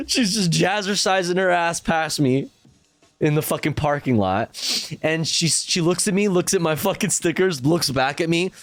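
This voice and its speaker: A man's voice: fairly high pitch, sing-song, a little slow, no echo. A man streaming a casual reaction, telling a rambling story full of swearing and laughter.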